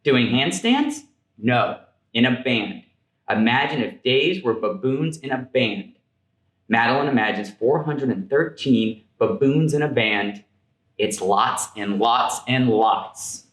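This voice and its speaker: A man reading a children's picture book aloud in a gentle, playful storytelling manner. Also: mid-range voice, expressive, slow pace, roomy sound, rough recording.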